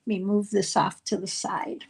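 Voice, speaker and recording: A woman's voice: medium pitch, fairly even intonation, moderate pace, vocal fry, noisy background. A middle-aged woman leading a live card-making class, explaining each step in a chatty way with frequent ums. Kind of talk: live crafting class demonstration.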